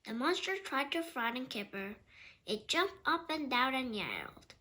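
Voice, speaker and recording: A woman reading a children's storybook aloud, slow, clear and expressive. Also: sits high. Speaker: storybook reader.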